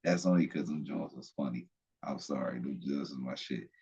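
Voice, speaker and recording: A podcast host with an extremely low, darkish voice and a breathy edge rambles bluntly and profanely at a normal speed, often restarting his sentences. It's casual opinion talk, and the recording sounds muffled.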